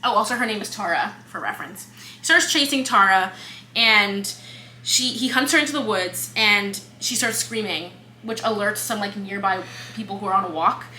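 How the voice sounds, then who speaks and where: A young woman co-hosting a book podcast, retelling the plot in casual chat, expressive and swearing freely. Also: medium pitch, moderate pace. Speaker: podcast co-host. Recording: echoey room with faint hum.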